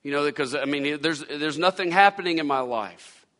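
Bright-voiced male preacher in a reverberant hall. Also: fairly high pitch, normal speed. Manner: preaching with repetition and rising emphasis. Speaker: pastor. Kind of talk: sermon. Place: church sanctuary. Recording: long church-hall reverb.

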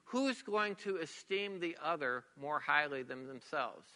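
A man's voice: fairly high pitch, animated, unhurried, sharp tone, in a large hall. A middle-aged man preaching a sermon as a pastor, earnest and repetitive, sometimes dropping to a near whisper for emphasis.

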